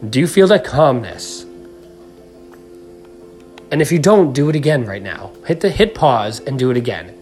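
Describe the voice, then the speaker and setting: A man's voice: mid-range voice, lively intonation, normal speed, pauses often, darkish tone, faint music behind. A man hosting a podcast, giving an earnest self-help talk and coaching the listener straight through a breathing exercise. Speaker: podcast host.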